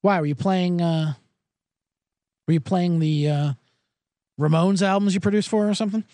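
A man's voice: high voice, fairly even intonation, moderate pace, dark tone, dry recording. A male podcast host telling a profane, sarcastic comedic story and acting out the people in it. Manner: profane, sarcastic, acts out quoted voices.

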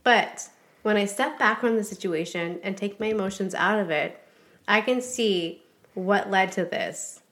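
A woman's voice: mid-range voice, a little slow, fairly bright tone. A woman speaking as a guest on a podcast interview, talking in a blunt, frank way and swearing freely.

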